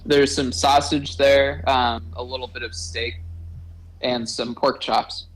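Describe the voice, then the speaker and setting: A man narrating a tabletop game as game master, slow and hesitant with many pauses and filler sounds. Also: mid-range voice, little pitch movement, husky, poor audio.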